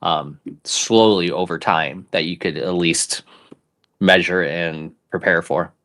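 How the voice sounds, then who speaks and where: A man's voice: low voice, slow pace, a bit bright. A man co-hosting a casual podcast, talking in an easygoing, conversational way. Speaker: co-host of an investing show.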